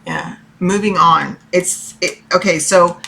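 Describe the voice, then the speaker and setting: Bright-voiced woman giving a chatty tarot reading. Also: fairly low pitch, steady tone, slow pace, gravelly, a little hiss or hum. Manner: chatty, rambling, keeps asking okay. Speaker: tarot reader. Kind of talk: casual tarot reading to viewers. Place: her room.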